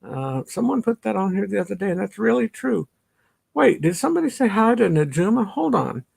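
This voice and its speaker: This livestream host speaks high with big pitch swings, a little fast, in a somewhat mellow yet gravelly, husky voice. He's a middle-aged man from Chicago's northern suburbs, reading comments in casual chat, calling viewers by name, laughing often, and sounding a bit congested from allergies.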